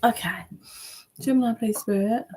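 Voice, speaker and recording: A woman giving a casual, chatty tarot reading, animated, with loose language and playful asides. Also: on the high side, normal speed, slight background noise. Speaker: tarot reader.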